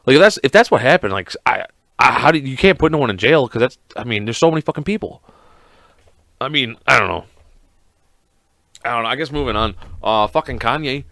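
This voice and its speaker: A man hosting a podcast alone, ranting in a casual, profane, rambling and excitable way. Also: mid-range voice, a little fast, vocal fry, long pauses, no echo, studio quality. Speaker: podcast host.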